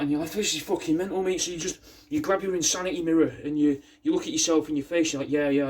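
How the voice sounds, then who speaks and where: A man, rambling through a deadpan sales pitch for his taxidermy art, slangy and swearing, saying "mate" a lot. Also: slightly rough. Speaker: taxidermy artist showing his work.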